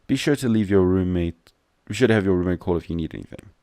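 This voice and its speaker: A man voicing a calm male paramedic, reading the lines in a reassuring way and stumbling over the script. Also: low-pitched, fast, dry recording, studio quality.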